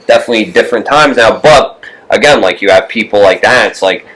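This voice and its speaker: A man's voice: lowish voice, fast talker, fairly bright tone, poor audio. Young male co-host, casual rambling chat, profane, does mocking voices. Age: young adult. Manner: rambling, heavy swearing, mimics others in raised voice. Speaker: podcast co-host.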